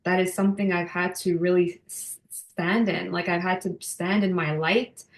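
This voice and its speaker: A woman in her thirties talks with feeling as a guest in a casual interview, her sentences full of restarts and fillers. Her voice sits fairly low for a woman, and the room around her has a noticeable echo. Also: steady tone, normal speed. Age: 30s. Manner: emotional, many fillers and restarts. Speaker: podcast guest. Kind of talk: casual heartfelt interview talk.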